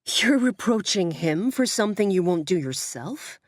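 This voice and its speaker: A woman voicing a sharp, disgusted woman with a cool, deliberate and cutting way of speaking. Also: medium pitch, animated, no echo, studio quality, close to an everyday voice. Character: sharp, disgusted woman, faintly American-sounding.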